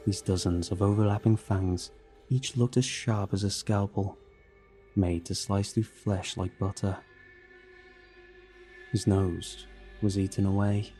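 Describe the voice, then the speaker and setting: Low mellow guy reading a scary story, faint music under him. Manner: steady dramatic storytelling. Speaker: horror story narrator. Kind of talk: scripted narration.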